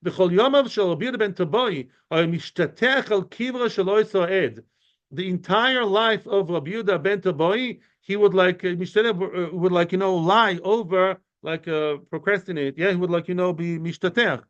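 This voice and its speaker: A man's voice: sits high, normal speed. A man teaching an informal study class, explaining in a chatty way with many asides and answering students' questions. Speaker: Talmud teacher. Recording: muffled lo-fi recording.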